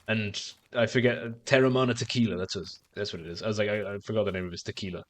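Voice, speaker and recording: A man's voice: on the low side, steady tone, brisk. A man streaming a game and chatting casually, rambling with stammered restarts and frequent swearing. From outside the United States. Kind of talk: casual chat while gaming on stream.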